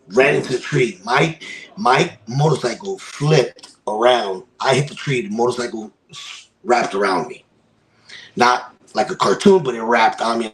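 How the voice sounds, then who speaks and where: This man, a podcast guest from a wrestling promotion, speaks in a mid-range voice while recounting a dramatic personal story full of emphasis and repeated phrases. The audio is poor.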